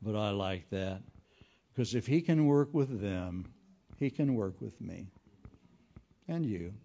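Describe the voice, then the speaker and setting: A man's voice: on the low side, takes it slowly. A man preaching a humorous sermon as an evangelist, telling folksy stories with jokes. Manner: folksy, joking, animated storytelling. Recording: dull lo-fi recording.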